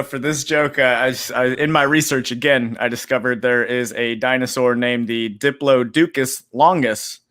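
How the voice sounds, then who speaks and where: Slow, bright-voiced rambling comedian man. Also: mid-range voice. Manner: rambling, self-mocking, laughs at own jokes. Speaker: comedian contestant. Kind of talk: stand-up style joke telling.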